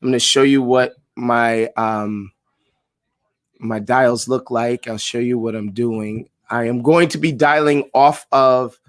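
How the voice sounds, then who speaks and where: A man with a mid-range voice runs a live coaching stream as a sales director. He talks in a hyped, slangy way and keeps shouting out viewers by name. His voice jumps up high whenever he gets excited, and it is picked up on a computer mic. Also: slow, no room sound, studio quality. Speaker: sales director leading a live call session.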